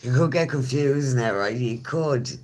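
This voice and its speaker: A woman's voice: very deep voice, unhurried, darkish tone. An Irish woman and smoker chatting casually with viewers on a live stream, laughing often as she talks. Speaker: livestreamer.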